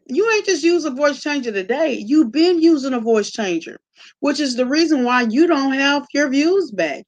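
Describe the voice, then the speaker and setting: Sassy woman talking to her live chat. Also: high voice. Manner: sassy, blunt, talks straight to chat. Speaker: live-stream host. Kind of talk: casual live-stream commentary.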